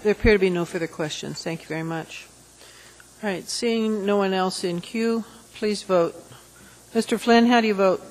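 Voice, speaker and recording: A woman chairing a formal public assembly meeting, calling on members and briskly reading a long list aloud. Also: mid-range voice, rough recording.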